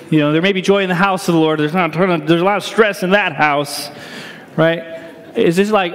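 A pastor preaching an Easter sermon in a conversational, joking way, often checking in with "right?". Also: male voice, high-pitched. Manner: conversational, self-deprecating humor, asks "right?" often. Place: church sanctuary. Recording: reverberant church hall.

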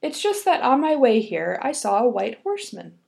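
A woman's voice: high-pitched, sing-song, moderate pace, vocal fry, a little mellow, full character voice. A woman reading a polite young girl.

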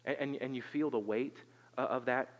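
A man's voice: mid-range voice, steady tone, normal speed, in a large hall, dull audio. A man preaching a sermon, talking in an earnest, conversational way with rhetorical questions and frequent repeated words. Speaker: pastor.

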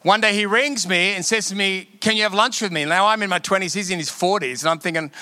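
A middle-aged pastor from Australia delivers a sermon full of personal stories. His voice is bright and sits a touch high for a man. He tells the stories with animated emphasis and laughs often along the way. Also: quick pace, hardly any pauses, no echo.

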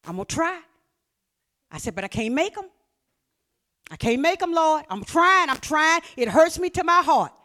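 High, lively preaching woman. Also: moderate pace, pauses often. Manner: fervent, repetitive, shouting preaching. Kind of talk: sermon.

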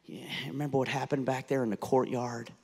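A man voicing the apostle Peter as an ashamed grown man, answering in a halting voice that sinks toward a whisper. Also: mid-range voice, little pitch movement, creaky, dark tone. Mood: hesitant. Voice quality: hesitant, halting, drops to a whisper. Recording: long hall reverb.

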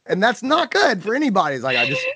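A man's voice: high-pitched, huge pitch swings, fast talker, creaky, bright, forceful tone, slightly rough, dry recording. A man hosting a podcast in casual chat, acting out scenes with playful exaggeration. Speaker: podcast host.

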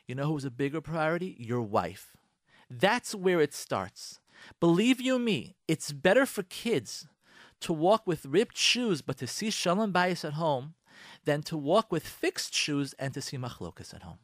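A man hosting a radio show, giving marriage advice in a lively, direct way, acting out both spouses and speaking. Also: a little high, measured pace, no echo, clean studio sound. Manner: animated, acts out both spouses in quotes, lectures the listener directly. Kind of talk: direct-address advice talk.

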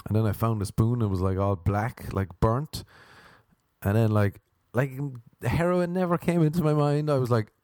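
A man's voice: medium pitch, moderate pace, darkish tone, no echo, clean studio sound. A man with an Irish accent telling a rambling, profane comic story. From Ireland. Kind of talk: comic monologue.

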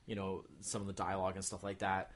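A man's voice: deep voice, completely flat delivery, quick pace. A man co-hosting a casual podcast chat, rambling with many fillers and restarts. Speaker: podcast co-host.

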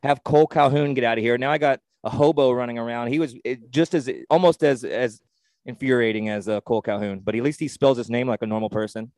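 A man co-hosting a podcast in casual sports chat, rambling and excitable with lots of swearing and restarts. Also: mid-range voice, fast talker, no room sound. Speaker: podcast co-host.

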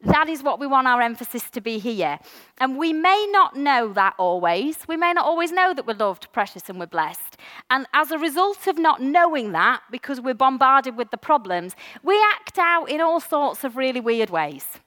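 A woman's voice: sits high, normal speed, long reverb tail. A woman preaching a candid, personal sermon to her church, with frequent ums. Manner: candid, animated, warm-hearted with frequent ums. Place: church hall.

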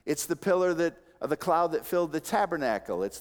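A male pastor preaching in a church, his fairly high voice rising and falling in wide, animated swings. He drops into quiet, dry asides and then climbs to loud, emphatic peaks. The sound carries a long reverb from the large sanctuary. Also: fairly quick. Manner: dry humorous asides to the congregation. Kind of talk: sermon.

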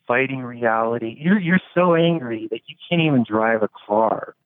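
A man in casual conversation, musing at length with lots of "like" and frequent swearing. His voice sounds thin and narrow, like it comes through a phone, and the sound is completely dry with no room around it. His pitch sits at an ordinary middle range. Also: expressive, normal speed, no room sound. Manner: rambling, philosophical, swears freely, many fillers.

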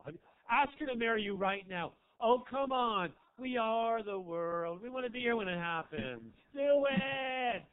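A man doing a stand-up comedy set in a small club, with brash, campy crowd work that swings from loud to quiet. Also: high-pitched, clean tone. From American South. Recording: tinny phone-like audio.

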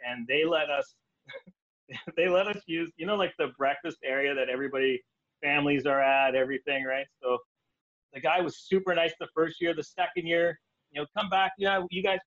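A Canadian man spinning stories in an easygoing conversation. His voice sits a bit high for a man and comes through dull and boxy. He is animated and laughs along, and his voice jumps up whenever he quotes someone. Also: moderate pace, no room sound. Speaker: guest. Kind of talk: casual storytelling.

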